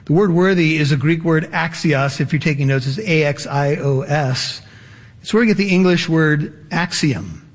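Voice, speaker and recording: Pastor guy teaching scripture, slightly high voice, long hall echo, spells stuff out. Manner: explanatory, spells out key words slowly. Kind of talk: Bible teaching sermon.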